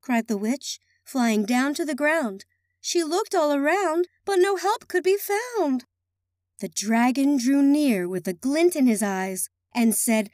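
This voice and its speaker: A woman reading a children's picture book aloud in a high, lively, sing-song voice. Her pitch rises and falls expressively, recorded close and dry. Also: slow, no room sound. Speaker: children's story reader.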